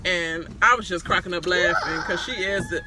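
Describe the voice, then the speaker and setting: A woman giving a casual, blunt recap of a reality show, animated and full of profanity. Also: lowish voice, moderate pace, noisy background.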